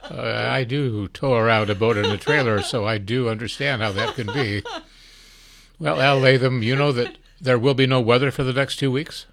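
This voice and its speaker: An older man hosting a casual chat, talking in a chatty, wry and unhurried way. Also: mid-range voice, fairly even intonation, creaky, crowd noise. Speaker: host.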